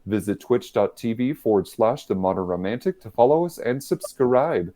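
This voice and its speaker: With a dark tone, medium pitch and lively intonation, this podcast host chats at normal speed during a livestream over a video call. He's playful, pokes fun at himself, and laughs often.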